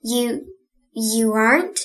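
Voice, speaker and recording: A woman's voice: sits high, expressive, slow, sharp tone, exaggerated voice. A woman reading an audiobook, voicing a cheerful, chatty orphan girl who talks eagerly. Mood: dismayed. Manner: eager, chatty, wide-eyed. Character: earnest cheerful orphan girl, about eleven.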